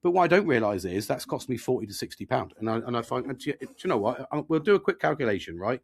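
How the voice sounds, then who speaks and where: A middle-aged man hosting his own podcast, talking in a loose, rambling way full of swearing and self-mockery. His voice has a gravelly rasp, sitting at an ordinary middle pitch for a man. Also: sing-song, fast. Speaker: podcast host. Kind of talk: candid casual monologue.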